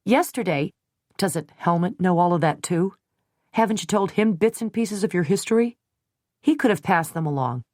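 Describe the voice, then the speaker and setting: Brief: hurt, accusing young woman, read by a female narrator, sharp and emotional, dry close sound. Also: lowish voice, animated, normal speed, dry recording. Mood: pleading, defensive. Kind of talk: audiobook character reading.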